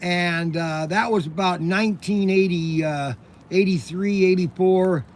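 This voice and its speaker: High-pitched and a little slow, a man in his sixties spins rambling stories by an outdoor campfire, acting out what other people said. There's slight background noise, and the talk is casual storytelling.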